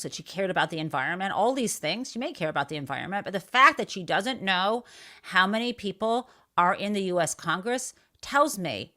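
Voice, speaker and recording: A woman's voice: on the low side, bright, forceful tone. Blunt, outraged woman podcaster. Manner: outraged, blunt, swears freely. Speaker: livestream podcast host. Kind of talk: casual political livestream commentary.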